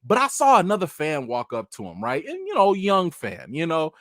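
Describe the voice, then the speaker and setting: Male host, fairly high voice, lively swooping pitch, slangy casual storytelling, dry close sound. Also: normal speed, no room sound. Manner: animated, slangy, talks straight to viewers. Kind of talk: casual live chat storytelling.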